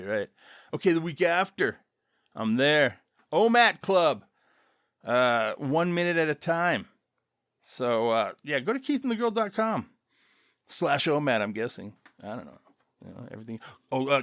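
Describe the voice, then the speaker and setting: A man hosting his own podcast, rambling loosely and casually with chuckling asides, relaxed after an edible. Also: medium pitch, normal speed, no echo, studio quality. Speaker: podcast host.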